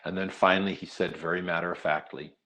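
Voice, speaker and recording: A man's voice: sits low, flat delivery, fast, pushed and bright. A middle-aged man giving an earnest storytelling talk, speaking steadily with frequent "uh" fillers. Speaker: nonprofit leader giving a talk.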